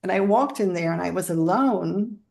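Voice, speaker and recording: A woman's voice: lowish voice, lively intonation, moderate pace, vocal fry, a little mellow. A woman being interviewed as a guest, telling a long story in a rambling, conversational way and laughing often as she goes.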